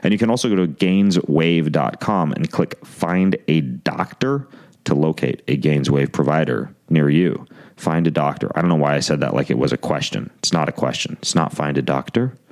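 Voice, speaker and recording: A man's voice: a bass voice, lively intonation, moderate pace, darkish tone. A man hosting his podcast, reading sponsor ads in a joking, rambling way. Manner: joking, rambling, self-mocking. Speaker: podcast host. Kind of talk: casual ad read.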